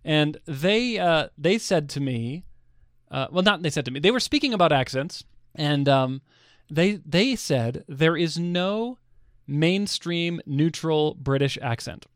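A man's voice: on the high side, lively intonation, measured pace, smooth, no room sound, clean studio sound. An American man co-hosting a podcast, chatting casually, laughing easily and hesitating with fillers. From United States. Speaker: podcast co-host.

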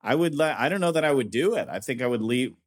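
A man, a comedian guest on a podcast, musing deadpan and tossing out crude jokes. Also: mid-range voice, fast talker. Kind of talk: casual comedic chat.

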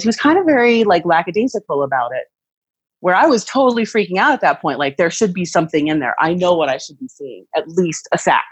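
A woman in her thirties, telling a personal story in casual chat, animated and acting out what others said. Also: fairly low pitch, fast talker, breathy edge, no echo, poor audio. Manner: animated, acts out quoted voices.

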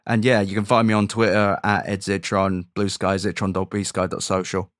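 A British man guesting on a podcast, trading dry sardonic jokes. His voice sits low and sounds close and dry, with no room around it. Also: little pitch movement, normal speed, dry recording. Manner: sardonic, joking. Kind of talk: casual podcast chat.

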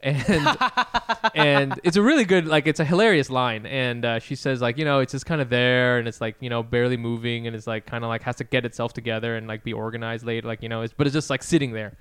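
A man in his forties co-hosting a podcast, easygoing and quick to joke and riff. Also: mid-range voice, steady tone, a bit bright, clean tone, no echo, studio quality. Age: 40s. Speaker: podcast co-host. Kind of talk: casual comedic chat.

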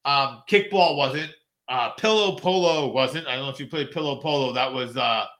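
A man in his forties chatting casually, often pausing and restarting with ums. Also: medium pitch, fairly bright tone. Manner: halting, trails off with ums. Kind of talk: casual chat.

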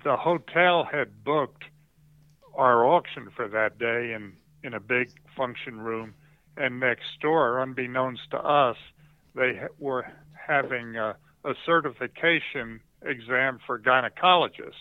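A man's voice: mid-range voice, measured pace, no echo. Auctioneer man over a phone-like line. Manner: anecdotal storyteller. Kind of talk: conversational podcast interview.

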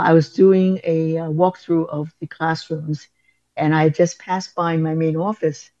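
A woman's voice: low voice, mellow, no echo, highs cut off. A woman school principal, telling a story in an interview with many fillers and restarts.

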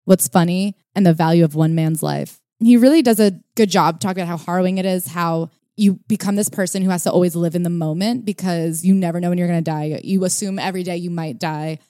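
A woman's voice: on the low side, fairly even intonation, fast, hardly any pauses, warm tone, dry recording, studio quality. A woman co-hosting a casual podcast chat about a book, retelling stories and reading out quotes with energy. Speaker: podcast co-host.

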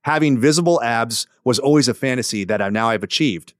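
A male podcast host reads a listener's letter in an easygoing, conversational way, dropping in wry jokes between sentences. His voice sits at an ordinary mid pitch and is recorded close and dry on a studio mic. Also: brisk, dry recording. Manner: relaxed, joking asides while reading. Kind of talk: casual podcast chat, reading a listener letter aloud.

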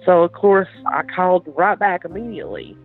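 A woman, a sister recounting a family tragedy in an emotional, halting interview, often repeating words. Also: on the low side, faint music behind. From Georgia, USA. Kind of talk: recorded interview recounting events. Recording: tinny phone-line interview audio.

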